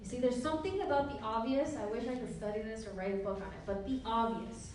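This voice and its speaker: A young female business trainer gives a motivational seminar talk to a live audience in a meeting room, speaking fast in a high, slightly mellow voice. She's playful, laughs often, and acts out conversations. The mic is far off in a very echoey room, with faint hiss.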